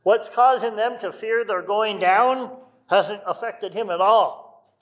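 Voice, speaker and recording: High-pitched guy preaching a sermon, chatty, lots of questions to the crowd. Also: slow pace. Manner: conversational preaching with rhetorical questions and acted quotes. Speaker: pastor.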